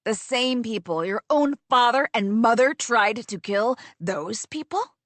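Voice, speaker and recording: A woman voicing a grieving, vengeful young woman who speaks low, hushed and cutting, in an audiobook. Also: expressive, measured pace, no room sound. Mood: contemptuous. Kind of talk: audiobook character voice.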